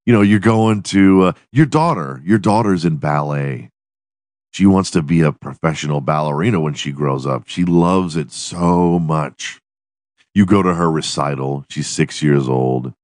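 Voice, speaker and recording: A man's voice: a bass voice, unhurried, a little mellow, dry recording, clean studio sound. A man hosting his podcast in a profane, rambling, giggly solo monologue. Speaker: podcast host.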